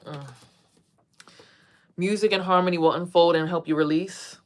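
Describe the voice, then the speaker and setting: A woman's voice: lowish voice, steady tone, moderate pace. Chatty woman reading tarot on a livestream. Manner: chatty, addresses viewers as y'all, drifts between reading and asides. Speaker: tarot reader.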